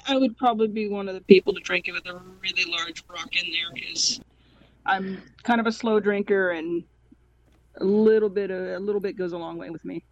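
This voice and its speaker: A woman's voice: medium pitch, brisk, dry recording, lo-fi sound. A woman joining a podcast in casual chat, talkative and anecdotal.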